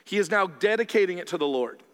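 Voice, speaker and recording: A male pastor preaching a sermon in a church, conversational and animated, with quick asides to the congregation. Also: sits high, clean tone. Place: church sanctuary. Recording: reverberant church hall.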